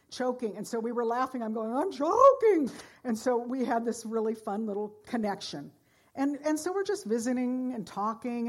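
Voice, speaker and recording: A woman pastor preaching a sermon, earnest, moving between loud exhortation and hushed storytelling. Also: a little high.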